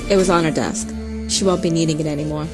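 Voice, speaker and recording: Tough college girl with a New York accent, played by a woman, low-pitched, curt and dismissive, loud game music behind. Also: fairly even intonation, fast, close to an everyday voice. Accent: Brooklyn / Queens, New York. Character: blunt tough female college student. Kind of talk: video game voice acting.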